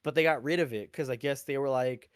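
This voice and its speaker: A man's voice: mid-range voice, quick pace, clear, resonant tone, dry recording, studio quality. A man, an army veteran, telling service stories in casual podcast chat, rambling and profane, full of "like" and "you know.". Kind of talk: casual conversational storytelling.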